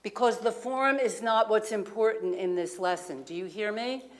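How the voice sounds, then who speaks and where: A woman minister's sermon, set in a community center lounge, weaves in a personal story told conversationally along with questions for the congregation. She speaks in a mid-range voice at a moderate pace.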